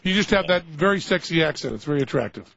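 A man's voice: a little high, animated, fast, gravelly, a bit bright, no echo, muffled recording. A man hosting a radio show, telling rambling stories and laughing a lot in casual chat.

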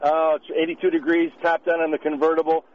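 Talkative male caller on a radio show, giggles often, high-pitched, dull broadcast sound. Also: level tone, fast talker, a little hiss or hum. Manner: chatty, giggly, rambling.

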